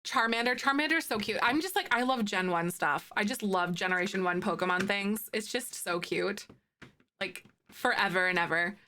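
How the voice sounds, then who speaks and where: A woman's voice: mid-range voice, normal speed, sharp tone. A woman in her thirties chatting casually with live viewers on her stream, bubbly and giggly, gushing over things she loves. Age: 30s. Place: home streaming setup with green screen.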